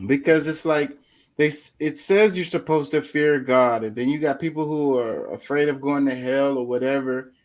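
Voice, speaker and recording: A man's voice: medium pitch, normal speed. A man hosting a casual podcast, asking eager questions and stumbling over repeated words as he jumps in.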